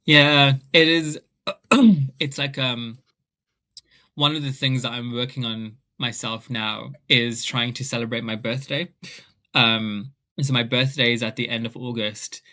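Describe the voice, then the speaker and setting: A man's voice: mid-range voice, a little slow. A young man, an author telling a story in a casual chat and acting out his family's voices. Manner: animated, acts out family members in quoted voices. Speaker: author guest.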